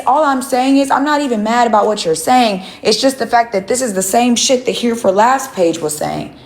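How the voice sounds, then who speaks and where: A woman's voice: on the high side, lively intonation, brisk, few pauses, echoey room, low-quality recording. A woman livestreaming, ranting at her chat in a profane, confrontational way and repeating herself. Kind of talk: heated live-stream rant to chat.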